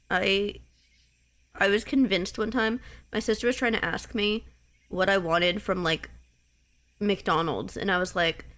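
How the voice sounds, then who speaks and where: A woman's voice: medium pitch, a bit bright. A young woman streamer chatting casually while playing a game, rambling and giggly as she tells stories. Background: game music.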